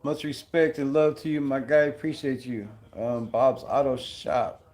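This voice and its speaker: A man hosting a live game-watch stream, excitable and blunt, calling plays, griping about flags and greeting chat viewers. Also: medium pitch, unhurried. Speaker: livestream host.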